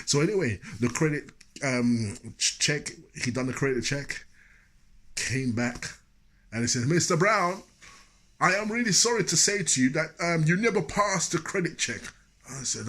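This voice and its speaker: Guy telling a story, husky voice, chatty, lots of asides. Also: lowish voice, fairly bright tone. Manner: chatty, full of fillers and asides. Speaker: motivational speaker. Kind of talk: personal storytelling.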